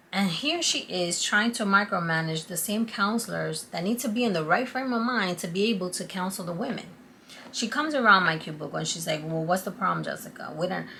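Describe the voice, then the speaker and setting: Woman, vlogger, gravelly low voice, animated storytelling, faint background hiss. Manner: animated, confiding, acts out quotes. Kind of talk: casual storytelling to camera.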